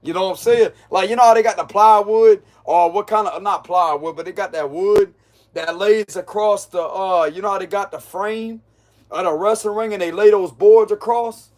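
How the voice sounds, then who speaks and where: High-voiced man giving a slangy tarot reading. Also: moderate pace, darkish tone. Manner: slangy, laughs often, mocking. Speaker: tarot reader. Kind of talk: casual tarot reading monologue.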